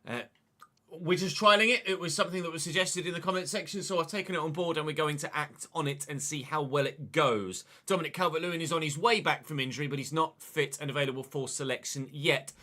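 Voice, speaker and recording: A man's voice: fairly high pitch, quick pace, pushed and bright. A young man commentating his football video game live, chatty and thanking viewers by name between plays. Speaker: gaming streamer.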